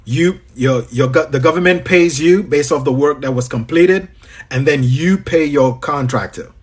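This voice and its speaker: A man's voice: fairly high pitch, moderate pace, slightly rough. A man from Trinidad with a Trinidadian accent, coaching on a livestream Q&A. He is chatty, greets viewers by name and repeats his phrases. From Trinidad and Tobago. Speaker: business coach.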